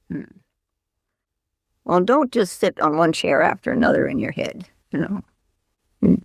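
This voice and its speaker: A woman Zen teacher gives a slow, reflective dharma talk and often breaks off to question her listeners. Her intonation rises and falls a great deal. The recording is dry and close. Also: lowish voice, lively intonation, vocal fry, slightly rough, dry recording.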